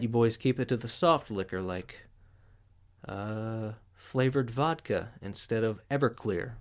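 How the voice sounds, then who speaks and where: A man hosting a podcast, reading news headlines aloud and riffing on them with crude, profane sarcasm. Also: mid-range voice. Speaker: podcast host. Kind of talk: casual news commentary.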